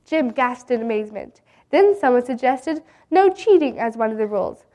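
A woman reading a Bible story aloud in an earnest, gentle way. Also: fairly high pitch, expressive, normal speed.

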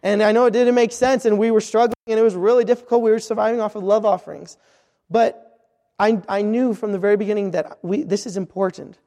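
Earnest high-voiced man preaching in a reverberant hall. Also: steady tone, fast, warm tone. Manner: earnest, repetitive, with frequent restarts. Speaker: missionary preacher. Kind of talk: sermon.

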